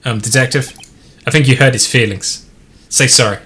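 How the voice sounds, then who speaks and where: A chirpy, spirited young woman sidekick from a video game, as a man voices her. She sounds bright and forceful, teasing her partner along. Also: mid-range voice, normal speed, slight background noise, natural voice.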